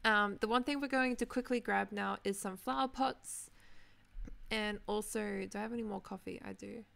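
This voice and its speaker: A young woman chatting casually while streaming a building game, reading chat names and clearing her throat, her voice tired from talking. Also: mid-range voice, normal speed, fairly bright tone. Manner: chatty, reads out chat names, many ums. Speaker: Minecraft livestreamer.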